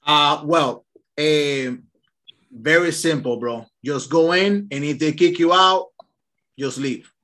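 Over a video call, a man leads a casual online real estate training, telling lively stories in an upbeat way. His voice is a little high and his pace slow.

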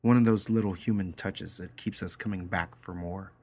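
A man's voice: sits low, fairly even intonation, moderate pace, a little mellow, breathy edge. A man reading aloud the line of a sarcastic, irritated woman waiting in a bank line.

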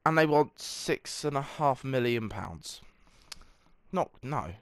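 A man's voice: medium pitch, animated, slow, no room sound. A young man chatting through a football management game, self-mocking and breaking into mock match commentary. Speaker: gaming video creator. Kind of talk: casual gameplay commentary.

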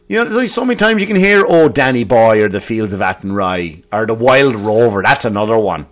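Irish male podcast comic, profane storyteller, loud bursts and muttered asides. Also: mid-range voice, big pitch swings, fast talker, hardly any pauses. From Ireland. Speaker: comedy podcast host.

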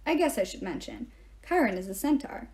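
A woman reads a novel aloud in a steady, storytelling first-person voice. Her tone is slightly high and warm, and her delivery stays even. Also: fairly quick. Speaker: reader.

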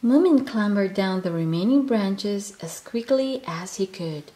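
A woman reading a children's picture book aloud in a gentle, expressive way. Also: medium pitch, a little slow. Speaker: storyteller.

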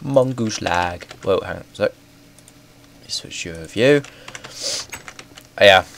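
A young man with a cold, sounding hoarse and congested, rambling through casual game commentary on a headset mic with self-mocking, excitable asides. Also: low-pitched, takes it slowly, slight background noise. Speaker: gaming video host.

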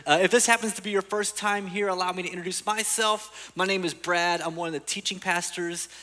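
Male teaching pastor, lively comic sermon style, bright tone, reverberant church hall. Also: sits high, brisk. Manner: animated storytelling, acts out voices. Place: church auditorium.

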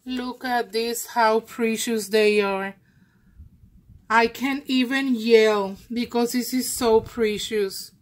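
A woman vlogger unboxing craft mail, gushing and effusive, with halting speech and many restarts. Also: fairly high pitch, steady tone, rough recording. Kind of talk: casual happy-mail unboxing.

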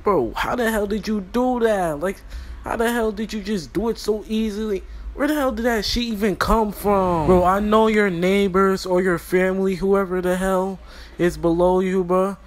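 High-voiced young man roasting a cartoon. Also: fairly even intonation, moderate pace. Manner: profane, mocking, slangy. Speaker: roast commentator. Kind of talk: comedic roast commentary.

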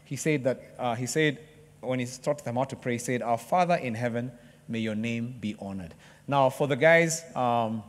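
A man preaching a sermon to a church congregation, joking with the crowd and acting out excited sports fans. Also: medium pitch. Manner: lively, jokes with the congregation, acts out excited fans. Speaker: pastor. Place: church hall. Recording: long hall reverb.

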